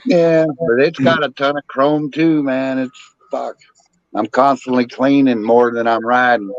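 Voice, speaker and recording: A man's voice: medium pitch, fairly even intonation, measured pace, no room sound, dull audio. A man chatting casually, blunt and joking about bikes. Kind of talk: casual chat.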